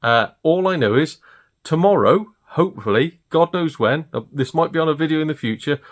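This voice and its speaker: A British man vlogging about retro game pickups, gleeful and excitable and laughing often. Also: on the high side, moderate pace. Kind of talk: casual chat showing off purchases.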